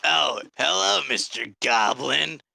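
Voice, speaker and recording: Man voicing a wary woman adventurer, blunt, gravelly voice, bright tone. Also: medium pitch, animated, takes it slowly, dry recording, exaggerated voice. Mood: dismissive. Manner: blunt, dismissive.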